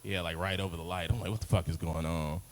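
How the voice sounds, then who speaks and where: A man's voice: sits low, steady tone, fast talker, big-room sound, background noise. A young man from Chicago's South Side doing a loose, rambling stand-up set at an open mic, full of fillers and chuckling at his own jokes. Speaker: stand-up comic. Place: open-mic stage in an arts space.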